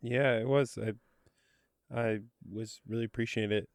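A man's voice: medium pitch, no room sound, studio quality. A man co-hosting a faith and film podcast, chatting casually and joking with his co-host. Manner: jokey, animated, quick to laugh. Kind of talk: casual chat.

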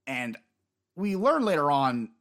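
A man co-hosting a casual manga chat, rambling and animated, swearing now and then. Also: on the high side, slow pace. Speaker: podcast co-host.

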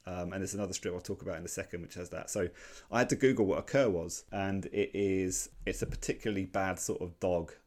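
This man, in his forties, co-hosts a laid-back podcast on comic strips, rambling with many restarts and fillers. He speaks quickly with few pauses, in a low, darkish voice of fairly even intonation.

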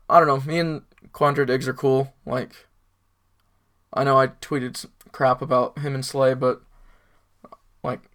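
A man's voice: mid-range voice, a bit bright. Chill young guy on a football pod, rambles, lots of likes and ums. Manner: laid-back, rambling with lots of fillers. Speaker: podcast co-host. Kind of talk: casual sports podcast chat.

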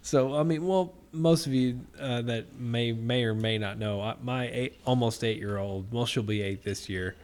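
A man's voice: mid-range voice, moderate pace, few pauses, a little mellow. Podcast guy in his 30s, rambling and swearing a lot, chuckles through his own stories. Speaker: podcast co-host. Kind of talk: casual crude banter.

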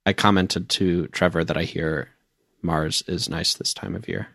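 A man with a very deep voice chats as a podcast guest. He talks in a playful, jokey way. The sound is close and dry. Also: steady tone, unhurried, gravelly, a bit bright, dry recording. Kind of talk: casual chat.

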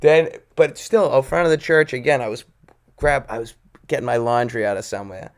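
A man swapping stories on a podcast, profane and confrontational, laughing as he goes. He puts on other people's voices in his anecdotes, and his voice sits at a middling pitch. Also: brisk. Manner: petty and confrontational. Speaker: podcast co-host. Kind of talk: casual storytelling chat.

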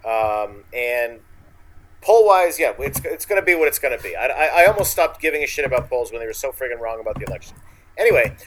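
A man's voice: medium pitch, very animated, fast, a bit bright, a little hiss or hum, low-quality recording. A man co-hosting a casual political chat, blunt and casually swearing, with plenty of hesitant fillers.

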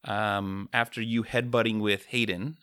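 A man chatting casually as a podcast co-host, relaxed and joking, laughing often. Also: on the low side, unhurried, smooth, no echo, studio quality. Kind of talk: casual chat.

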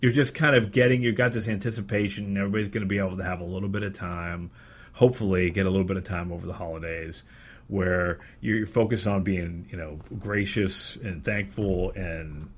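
A man's voice: low-pitched, steady tone, a little fast, breathy edge. A man from Erie, Pennsylvania, chatting casually as a podcast co-host, meandering and searching for his words. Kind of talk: casual chat about movies.

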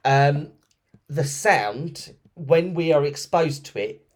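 A man hosting a podcast, retelling ghost stories in a chatty, lively way with plenty of ums and restarts. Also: a little high, takes it slowly. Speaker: podcast host. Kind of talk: casual storytelling podcast.

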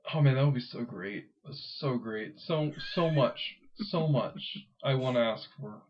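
A man co-hosting a podcast, talking at a middling pitch. He rambles and keeps cutting himself off, laughing as he goes. The sound is a bit dull and lo-fi. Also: slow pace. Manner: rambling, self-interrupting, laughs often. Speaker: podcast co-host. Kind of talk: casual podcast chat.

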